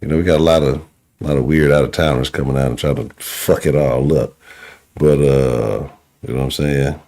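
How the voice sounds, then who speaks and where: Laid-back Houston sports talk host. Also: male voice, extremely low pitch, animated, moderate pace. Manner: laid-back, slangy, drawls and trails off quietly. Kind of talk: casual call-in show chat.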